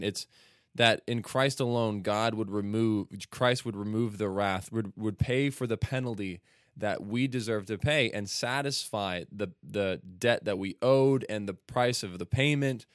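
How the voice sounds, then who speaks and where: A man's voice: on the low side, no room sound, clean studio sound. A man, apparently American, co-hosting a casual podcast chat and eagerly explaining the theology of a hymn at length. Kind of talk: casual chat about hymns.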